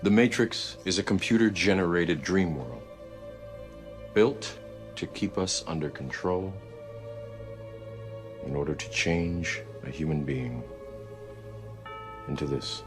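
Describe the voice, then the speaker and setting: A grave mentor figure with an extremely deep voice, speaking slow and solemn and sinking at times into a near whisper. Music swells clearly under the film dialogue. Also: male voice. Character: grave, calm male mentor revealing hidden truth. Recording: film clip with music behind.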